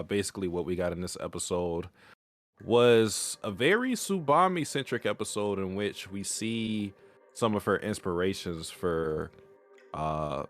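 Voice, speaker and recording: A man co-hosting an anime podcast, talking in a loose, joking way. His voice sits low, with faint music playing underneath. He moves easily from banter to setting up the next topic. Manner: joking, introduces the episode topic. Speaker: podcast co-host. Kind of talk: casual chat.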